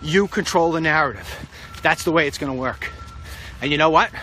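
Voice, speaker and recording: A man's voice: a little high, brisk, pushed and bright. Blunt man walking and talking outdoors. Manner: blunt, rambling, talks straight to the President. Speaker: political commentator. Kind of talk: walk-and-talk vlog monologue. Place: outdoors on a street. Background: passing traffic.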